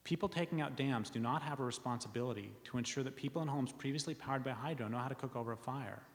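A man's voice: medium pitch, quick pace. Man, public talk, earnest, wry asides, filler ums, echoing hall reverb. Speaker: speaker reading from his book. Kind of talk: public talk reading premises to an audience.

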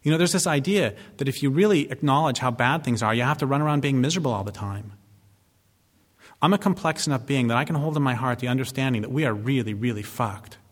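A man's voice: mid-range voice, animated, fast talker. Blunt sardonic man in a reverberant hall. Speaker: speaker giving a public talk. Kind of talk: impassioned public talk. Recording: long reverb of a large hall.

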